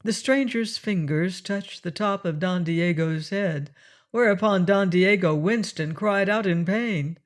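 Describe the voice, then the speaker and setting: A man narrating a classic adventure novel in a measured, expressive storytelling manner. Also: high voice. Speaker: audiobook narrator. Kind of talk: audiobook reading of a classic novel.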